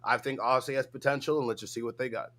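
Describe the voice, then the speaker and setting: A man's voice: mid-range voice, fairly even intonation, fast, a bit bright. A brash man co-hosting a commentary stream, swearing freely in casual talk. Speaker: co-host.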